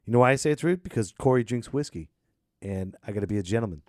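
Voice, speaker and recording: A man hosting a podcast, ranting sarcastically and swinging between loud and muttered. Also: on the low side, animated, quick pace, no echo, clean studio sound. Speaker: podcast host. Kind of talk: casual ranting chat.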